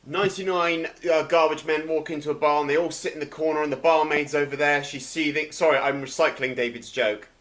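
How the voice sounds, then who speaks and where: A man's voice: a little high, fairly even intonation, fairly quick, few pauses, a bit bright. Apologetic man fumbling a joke. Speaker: improv player.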